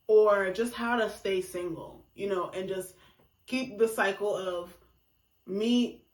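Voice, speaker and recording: A woman's voice: medium pitch, roomy sound. A woman giving a casual monologue about relationships, talking emphatically and acting out reactions in quoted voices. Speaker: relationship commentator.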